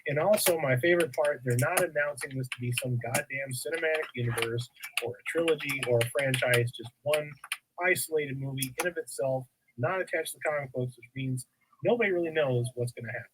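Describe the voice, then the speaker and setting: A man's voice: medium pitch, a little fast, noisy background. A man hosting a casual podcast chat, dry and sarcastic in his remarks. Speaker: podcast host.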